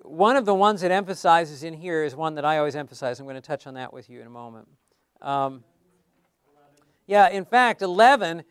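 A man's voice: on the high side, animated, a little fast, clean tone, dry recording, studio quality. A man teaching a class on how to give Bible studies, in a conversational way that keeps asking the class questions.

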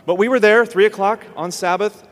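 Animated man telling a story in a reverberant hall. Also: high voice, fairly quick. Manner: animated storyteller acting out quotes. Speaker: host. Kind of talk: storytelling in a ministry talk.

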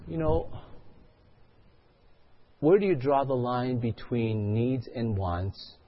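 A man's voice: mid-range voice, slow pace, pauses often, breathy edge, muffled recording. A male pastor delivering a sermon, telling a story and asking the congregation questions.

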